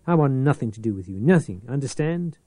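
A man's voice: mid-range voice, animated, fairly quick, warm tone, dry recording, voice pushed up, natural voice. A man reading aloud, voicing a wizened, bitter old pawnbroker who snarls and shrieks with sour hatred. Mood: venomous. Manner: snarling, sour, rising to screams.

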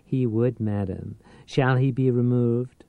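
A man voicing a fussy male social secretary who lisps and speaks in a discreet, formal hush. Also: medium pitch, slow, no room sound, phone-quality sound. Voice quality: lisp, hushed whisper.

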